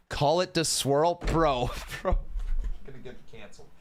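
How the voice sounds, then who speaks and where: A young streamer with a fairly high, slow voice chats to his viewers during a live watch-along, with a little hiss or hum in the audio. He's excitable, laughs often, and calls chat "guys" and "bro" in casual commentary.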